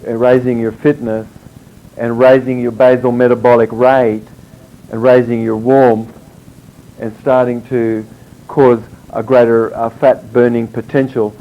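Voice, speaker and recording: A man giving an informal health lecture, rambling and halting with many fillers and restarts. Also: mid-range voice, level tone. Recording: dull lo-fi recording with faint background noise.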